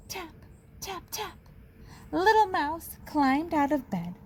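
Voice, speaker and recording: Teacher lady reading a kids book, slow and bouncy, faint room hum. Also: on the high side, poor audio. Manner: slow, expressive storytelling. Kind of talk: reading a picture book aloud.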